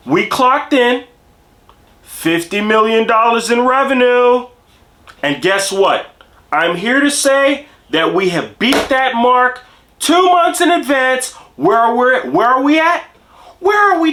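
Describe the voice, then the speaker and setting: Dude doing a high, bright, showy foreman yelling big news on a bullhorn. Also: animated, slow pace, exaggerated voice. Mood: hyped announcing. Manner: booming, showy announcement. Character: boastful male factory foreman announcing on a bullhorn.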